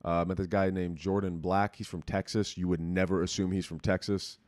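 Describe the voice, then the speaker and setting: A man's voice: low voice, flat delivery, brisk, a little mellow, no room sound. A young man hosting a podcast, chatting candidly and rambling with casual swearing into a close mic. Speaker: podcast host. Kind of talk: casual chat.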